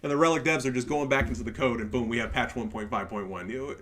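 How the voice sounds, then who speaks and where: A man ranting in game commentary, sarcastic and profane, swinging up into shouts. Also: medium pitch, expressive, fast talker, few pauses. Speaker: gaming video creator.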